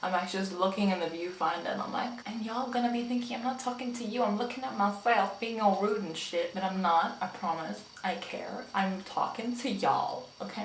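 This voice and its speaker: A woman's voice: medium pitch, moderate pace, few pauses. A young woman from South Africa doing a casual makeup tutorial vlog, chatty and playful, joking with herself and her viewers. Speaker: beauty vlogger. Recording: echoey room with faint background noise.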